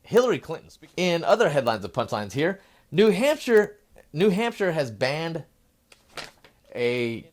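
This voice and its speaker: A man's voice: fairly high pitch, sing-song, measured pace. A middle-aged man hosting a satirical news show, acting out shoppers and clerks and sometimes fumbling and restarting his lines. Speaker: host.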